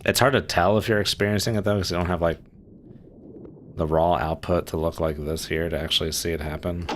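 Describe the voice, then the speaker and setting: A man with an extremely deep, low voice talks loosely on a live game stream. He rambles, restarts sentences and leans on fillers. A faint hum sits under his desk-mic sound. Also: fairly even intonation, brisk. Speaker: streamer playing a submarine sim. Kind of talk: casual live-stream chat.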